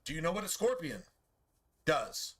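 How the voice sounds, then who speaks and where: A man's voice: a little high, very animated, normal speed, a bit bright. A man streaming a game, talking in a casual, profane, preachy rant full of rhetorical questions.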